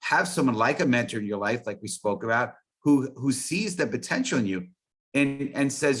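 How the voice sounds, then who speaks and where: A man's voice: mid-range voice, lively intonation, normal speed, a bit bright, slightly rough. A man talking as an interview guest, earnest and rambling with many restarts. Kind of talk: casual interview chat.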